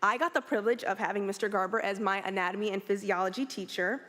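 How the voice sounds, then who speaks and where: A woman's voice: mid-range voice, fast talker, a bit bright. A teenage girl gives a composed, grateful tribute to her teacher. Her voice is mid-range. A long hall reverb follows each phrase. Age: teens. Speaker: high school student honoring a teacher. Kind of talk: prepared speech at a ceremony.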